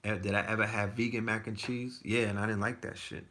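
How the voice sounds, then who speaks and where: A man's voice: on the low side, flat delivery, a little fast, noisy background. A man in his forties telling stories in a loose, profane casual chat, full of restarts. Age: 40s. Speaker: podcast guest. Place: Texas.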